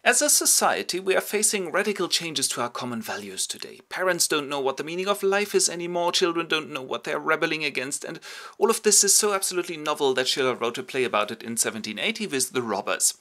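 A man's voice: a little high, animated, fast, pushed and bright. A man narrating a comic summary of a classic play, with wry ironic asides. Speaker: host and narrator.

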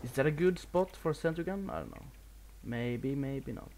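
A man's voice: mid-range voice, expressive, moderate pace, darkish tone, a little hiss or hum. A man from Sweden with a Swedish accent, giving casual live commentary over a video game while he plays, a bit nervous, swearing and laughing at himself. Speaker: gameplay commentator.

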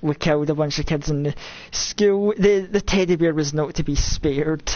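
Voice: mid-range voice, normal speed, a little mellow, dull audio. Rambling Scottish game streamer. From Scotland. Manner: rambling and self-mocking, jumpy with nervous exclamations. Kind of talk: live gameplay commentary.

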